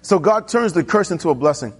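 A man preaching a sermon as pastor, telling a Bible story with animated character voices and questioning the congregation. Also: fairly quick, slightly rough. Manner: animated storytelling, voicing characters with pitch jumps.

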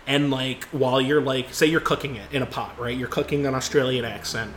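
A man's voice: mid-range voice, steady tone, a little fast, a bit bright, a little hiss or hum. A man co-hosting a podcast in casual chat, loose and joking. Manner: loose and joking, many fillers. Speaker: podcast co-host.

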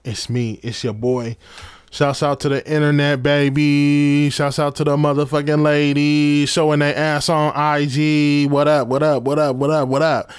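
A man hosting his own podcast, rambling casually with profane, slangy shout-outs and lots of repetition. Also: fairly high pitch, little pitch movement, measured pace, smooth, dry recording, clean studio sound. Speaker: podcast host.

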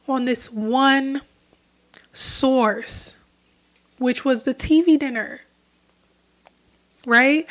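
High-voiced woman hosting a spiritual podcast. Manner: earnest, reflective, repeating phrases for emphasis. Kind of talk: solo spiritual podcast talk.

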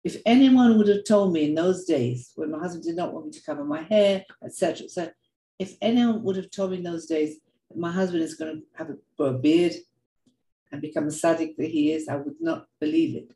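Older woman, mellow tone, earnest animated storytelling, echoey room. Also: deep voice, brisk, slight background noise. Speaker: speaker sharing reflections. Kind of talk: heartfelt personal talk.

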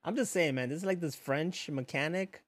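A man's voice: a little high, moderate pace, no room sound. Guy chatting loose on a podcast, laughs a lot, swears, dead dry mic. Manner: laughs often, profane, animated storytelling. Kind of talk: casual chat.

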